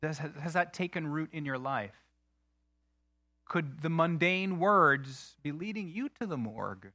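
A man preaching a sermon in an earnest, emphatic way, slowing down to stress key phrases. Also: fairly high pitch, lively intonation, pushed and bright, no echo. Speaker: pastor.

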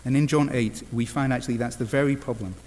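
English preacher in a reverberant hall. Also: male voice, medium pitch, steady tone, fast talker, a little mellow. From England. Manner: earnest, wry asides, frequent "uh" fillers. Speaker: pastor. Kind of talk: sermon.

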